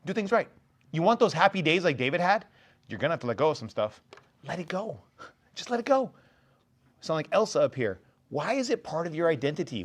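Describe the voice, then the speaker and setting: A man in his forties delivers a lively sermon to a youth group. His voice sits high for a man. He swings between loud, dramatic acted-out quotes and quieter, earnest appeals. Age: 40s. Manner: animated, acts out quotes in different voices. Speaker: youth pastor.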